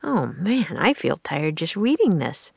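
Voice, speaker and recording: A woman's voice: fairly low pitch, big pitch swings, measured pace, vocal fry, husky, no room sound, full character voice. A woman reading an audiobook, voicing a cautious, sensible young boy who worries and grumbles. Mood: grumbling. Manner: anxious, earnest, slightly grumbling. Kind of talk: audiobook character voice.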